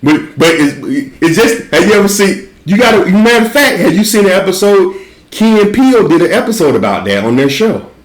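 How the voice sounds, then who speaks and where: A man chats casually and tells stories, swearing freely and laughing as he goes. His pitch moves all over the place. The room around him is roomy and echoey. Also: very animated, fairly quick. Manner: laid-back, profane, laughs while telling stories. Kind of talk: casual chat, storytelling.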